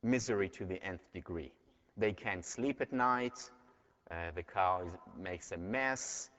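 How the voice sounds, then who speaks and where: A man's voice: deep voice, unhurried, a bit bright. A man giving a university lecture and telling stories in an earnest way, heard in a dull recording from a large lecture hall. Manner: earnest, storytelling.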